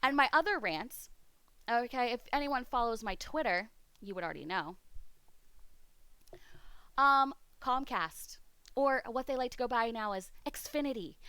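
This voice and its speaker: A woman's voice: fairly high pitch, pushed and bright, smooth, no echo. A woman streamer chatting casually, swearing freely as she rants. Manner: profane, ranting. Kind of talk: casual chat. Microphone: streaming mic.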